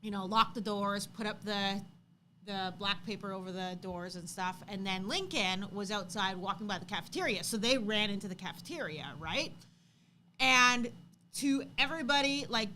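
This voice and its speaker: A woman in her thirties co-hosting a livestream, chatting casually and telling an animated story, acting out quotes loudly. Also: mid-range voice, moderate pace, a little hiss or hum. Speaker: co-host.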